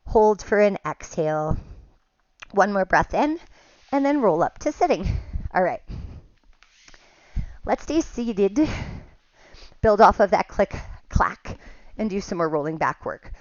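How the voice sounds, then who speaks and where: A woman teaching a pilates class, giving calm step-by-step cues and counts, a little out of breath at times. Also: medium pitch, moderate pace, long pauses, no room sound, dull audio. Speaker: pilates instructor. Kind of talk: guided exercise class cues.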